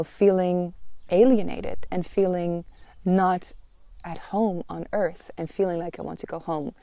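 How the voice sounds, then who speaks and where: A woman's voice: lowish voice, mellow, dry recording. A woman hosting a personal podcast, talking in an earnest, confessional way with frequent "you know" fillers. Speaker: podcast host.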